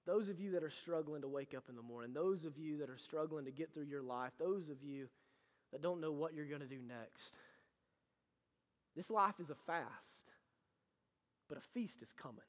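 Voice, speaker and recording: A young male pastor preaching in a church sanctuary, his voice sitting high for a man. He shifts from hushed, intimate storytelling to loud, fervent exhortation. A long reverb trails each phrase through the large hall. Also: moderate pace, pauses often. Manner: swings from quiet storytelling to loud impassioned preaching. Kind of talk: sermon.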